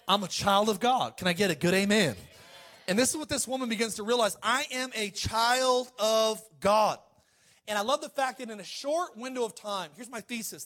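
With a high voice, a man gives a sermon, shifting between loud proclamations and soft asides as he prompts the congregation for amens.

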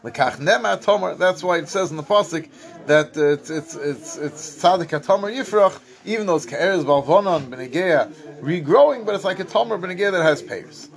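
A man's voice: sits high, animated, fairly quick, creaky. Man teaching Talmud in sing-song study cadence. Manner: reads Aramaic text then translates in a sing-song study cadence.

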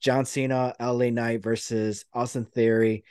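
A man's voice: medium pitch, level tone, unhurried, a little mellow, clear, resonant tone, no room sound, studio quality. A man hosting a podcast, rambling through a play-by-play retelling in casual chat. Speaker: podcast host.

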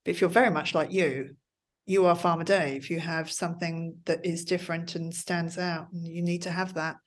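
A woman's voice: fairly low pitch, steady tone, normal speed. A woman, a former TV producer, chatting as an interview guest and telling stories with acted-out quotes. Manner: chatty storyteller, acts out quotes. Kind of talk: conversational interview.

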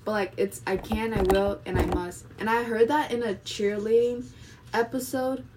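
A woman's voice: fairly high pitch, fairly even intonation, normal speed, a little mellow, a little hiss or hum. Chatty young woman rambling with fillers. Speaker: vlogger. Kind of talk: casual monologue vlog. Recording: voice a bit distant from the mic.

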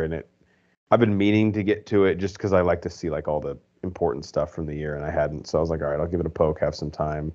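A man with a fairly low voice talks through movies on a podcast, rambling and full of fillers as he gives his opinions. The audio is dull and lo-fi, like a home podcast setup. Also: fast talker, darkish tone. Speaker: podcast co-host. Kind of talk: casual movie review chat.

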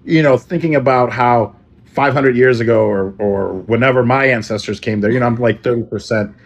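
American male host, middle pitch; casual and joking, with lively, friendly questions. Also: moderate pace. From United States. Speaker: podcast host. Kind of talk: casual interview chat.

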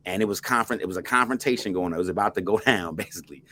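A middle-aged man from New Jersey, a podcast guest telling a story in an animated, emphatic way with restarts. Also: lowish voice, racing.

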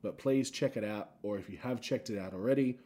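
An Australian man hosts a solo podcast, rambling through stories and poking fun at himself. He is a podcast host and comedian, and his warm voice sits on the low side, moving a little fast.

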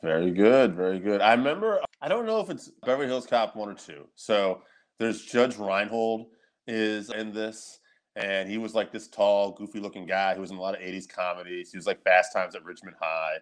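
A man co-hosting a podcast, telling stories in casual chat, animated and laughing often, with frequent swearing. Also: lowish voice, normal speed. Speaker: podcast co-host.

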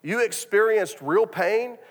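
A man's voice: high-pitched, slow pace, a bit bright. A man preaching a sermon, telling a story with many restarts and repeated words. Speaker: pastor. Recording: long hall reverb.

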